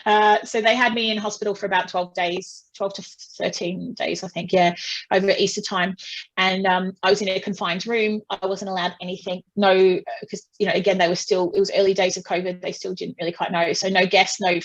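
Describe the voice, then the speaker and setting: A woman's voice: mid-range voice, flat delivery, fairly quick, lo-fi sound. A woman with an ordinary mid-range voice, telling a personal story as an interview guest. She speaks frankly, with frequent fillers, restarts and a wry, self-deprecating edge.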